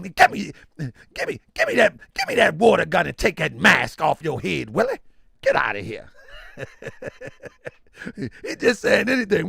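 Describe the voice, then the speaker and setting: A middle-aged man hosting a livestream and reading chat aloud, loud and teasing, laughing often. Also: sits high, creaky, breathy edge, no echo, clean studio sound. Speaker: livestream host.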